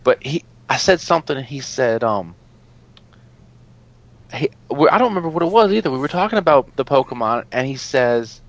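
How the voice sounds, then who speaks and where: A man telling a story in casual chat, animated and exasperated, swearing freely and laughing often as he talks. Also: mid-range voice, moderate pace, highs cut off. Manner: laughs often while talking. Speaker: podcast co-host telling a story.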